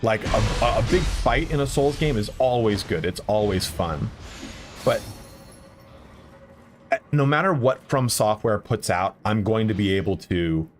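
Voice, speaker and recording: A gaming streamer with a fairly low voice and lively intonation chats with viewers at an unhurried pace during casual live commentary. He swears when the game defeats him, while faint game music runs underneath.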